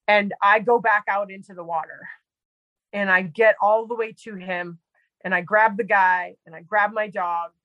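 In a dry, lo-fi recording, a medium-pitched woman chats casually as a podcast guest about her own experience. A medical provider by trade, she fills her story with "like" and other filler words.

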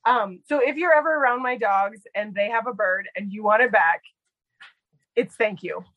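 A woman guest telling casual stories in an animated way, full of quoted dialogue and fillers. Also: mid-range voice, normal speed, no echo, dull audio. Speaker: guest storyteller. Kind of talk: casual storytelling.

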